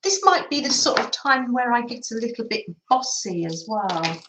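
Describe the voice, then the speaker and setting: A woman's voice: a little high, sing-song, normal speed, noisy background. A woman from England hosting a craft livestream, chatting casually with viewers while she sews and laughing often. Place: home room. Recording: echoey room.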